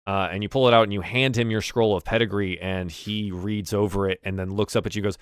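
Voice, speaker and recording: A male game master narrates a tabletop game scene, stopping and restarting as he searches for words. His voice is on the low side and smooth. The recording is close and dry. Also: steady tone, fast talker, few pauses, no echo.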